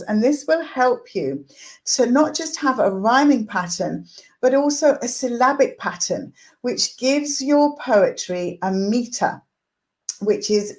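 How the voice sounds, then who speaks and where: A woman tutor giving a chatty online lesson, often checking in with a questioning "right?", then reading a poem aloud. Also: mid-range voice. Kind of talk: casual teaching talk with a poetry reading.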